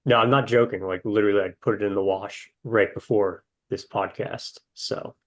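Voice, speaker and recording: A man's voice: fairly low pitch, fairly even intonation, normal speed. A man playing as a contestant on a podcast quiz, joking around in an offhand way. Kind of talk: casual chat.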